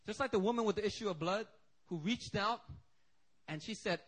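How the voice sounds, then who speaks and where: A man preaching at a church service, his voice sitting fairly high. He tells stories with lively humor and an easygoing, animated delivery. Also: brisk, pauses often, husky. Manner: animated, joking storytelling. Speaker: pastor. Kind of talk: sermon.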